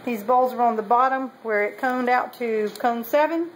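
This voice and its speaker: A woman with a somewhat high voice, chatting her way through a casual show-and-tell. She meanders and corrects herself often, with a faint noise in the background. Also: moderate pace, poor audio. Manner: chatty, meandering, with many ums and self-corrections. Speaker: potter showing kiln results.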